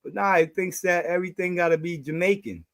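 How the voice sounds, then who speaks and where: A male streamer with a high, ringing voice hosts in loud, laughing banter full of cussing. He talks casually and teases his co-host. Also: a little fast. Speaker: livestream host. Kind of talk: casual chat.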